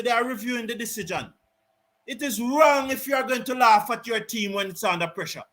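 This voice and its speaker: Man, cricket commentary, indignant rant, high-pitched voice, repetitive, emphatic. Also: fairly quick, fairly bright tone. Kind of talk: live fan commentary and rant.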